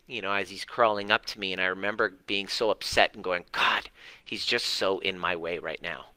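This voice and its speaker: Brief: man, low and bright clear voice, earnest coach on a live stream, dry sound. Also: no echo. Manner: earnest, repetitive, mildly profane. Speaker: parenting coach. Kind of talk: livestream talk to viewers.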